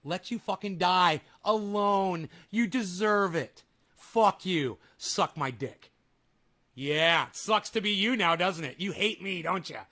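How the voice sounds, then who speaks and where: A man with a high, bright, sharp voice rants on a live stream. He swears constantly, mocks the clips he reacts to, and talks straight at his chat. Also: slow. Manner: angry, mocking, swears heavily, talks to chat. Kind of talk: profane live-stream rant.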